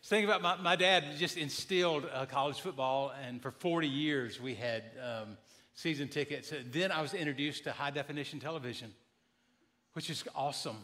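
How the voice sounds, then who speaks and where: Pastor guy in his 50s, bright forceful voice, kinda high, joking around. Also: fairly quick. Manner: folksy, joking storyteller. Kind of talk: sermon.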